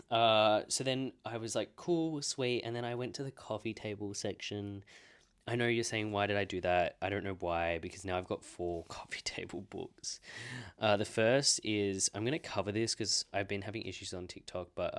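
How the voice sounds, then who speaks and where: A young man in his twenties with an Australian accent and a notably deep, low voice. He talks loosely and rambles through his book purchases with a self-mocking streak, in the easy tone of a casual vlog. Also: moderate pace, fairly bright tone. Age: 20s. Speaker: book vlogger. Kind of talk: casual book haul chat.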